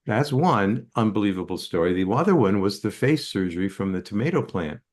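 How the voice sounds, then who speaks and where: A man's voice: on the low side, lively intonation, fairly quick. An older man, a psychotherapist, telling stories in an interview with many fillers and restarts. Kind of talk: anecdotal storytelling in an interview.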